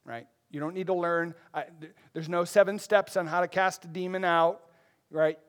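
A pastor preaching an expository sermon in a conversational, animated way, with frequent asides to the congregation. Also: male voice, high voice, normal speed, clear, resonant tone.

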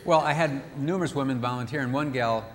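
A man's voice: medium pitch, fairly quick. Emphatic man telling stories in a hall. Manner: storytelling, acts out quoted voices; emphatic, repeats phrases. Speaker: marriage seminar speaker. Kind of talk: live seminar talk to an audience. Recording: reverberant hall, faint background noise.

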